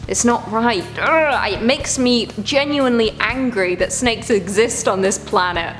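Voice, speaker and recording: A woman's voice: on the high side, unhurried. Squeamish woman reacting over music. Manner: squeamish, groaning and exclaiming in disgust. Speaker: reaction video host. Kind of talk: casual reaction commentary.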